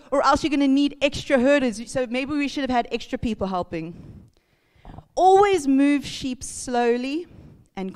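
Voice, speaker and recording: A woman pastor, telling a lively story in a casual sermon, laughing and acting out sounds. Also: fairly high pitch, clean tone. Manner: chatty, laughing, acts out sounds and voices. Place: church hall. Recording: reverberant church hall.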